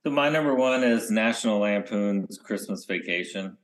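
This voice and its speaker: Low-voiced man rambling casually. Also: normal speed. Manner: rambling, trails off into mumbles. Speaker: podcast co-host. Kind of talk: casual chat.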